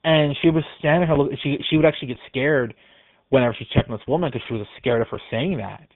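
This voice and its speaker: A man's voice: medium pitch, fast, dry recording. A man who works at a care facility, telling a ghost story in a casual, rambling and hesitant way. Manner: rambling and hesitant, with many restarts. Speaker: care facility staff member. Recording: tinny phone-like recording, dry.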